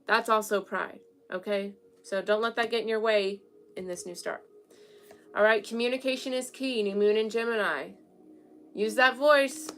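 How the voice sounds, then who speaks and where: This casual tarot reading comes from a young woman in a home room with an altar, who talks frankly and checks in with listeners by saying "okay?" Her medium-pitched voice is steady and a bit bright, at normal speed.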